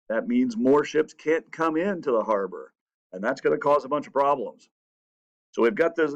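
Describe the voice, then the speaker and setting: Teacher man telling history, lo-fi sound. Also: medium pitch. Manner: animated storytelling, acts out quotes in a raised voice. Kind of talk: classroom history lesson. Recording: dull lo-fi sound.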